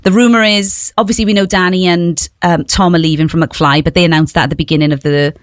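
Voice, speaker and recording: A woman's voice: on the low side, steady tone, fast talker, no room sound, clean studio sound. A woman co-hosting an entertainment chat, chatty and opinionated, leaning on "obviously" and "you know". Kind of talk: casual showbiz gossip chat.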